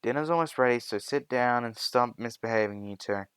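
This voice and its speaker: A man voicing a gentle, teasing mother in a fan-made spoken story. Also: mid-range voice, brisk, clear, resonant tone, no echo, studio quality, close to an everyday voice. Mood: fond.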